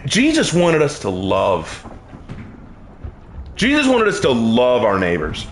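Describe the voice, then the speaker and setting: A man's voice: mid-range voice, huge pitch swings, slow, long pauses, reverberant, slight background noise. A man preaching emphatically and repetitively while playing a video game. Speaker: gamer streaming gameplay. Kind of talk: casual preaching while gaming.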